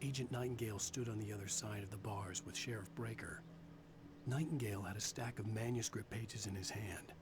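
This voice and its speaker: A man voicing a brooding male novelist who narrates his own story in measured, grim game narration. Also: on the low side, background noise, lightly acted. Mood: somber.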